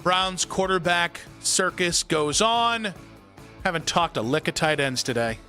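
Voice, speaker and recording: Male sports radio host, bright tone, slightly high voice, animated and jokey, studio mic, faint music underneath. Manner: animated, jokey, quick back-and-forth. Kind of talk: sports talk radio banter. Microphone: studio broadcast mic.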